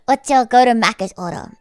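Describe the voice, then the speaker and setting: A woman livestreaming in casual chat, rambling with lots of fillers and breaking into high-pitched laughter. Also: darkish tone, dry recording. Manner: rambling, heavy use of "like".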